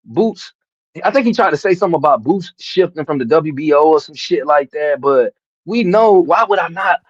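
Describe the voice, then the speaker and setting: A man's voice: on the high side, animated, moderate pace, no echo. A man hosting a casual boxing talk show, rambling and cursing, often asking "you know what I'm saying". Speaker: boxing podcast host. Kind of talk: casual chat. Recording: dull dry lo-fi mic.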